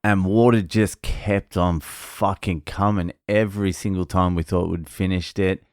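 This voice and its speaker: A man's voice: sits low, fairly even intonation, a little slow, no echo, clean studio sound. A man telling a rambling, profane story about his work day in a casual vlog.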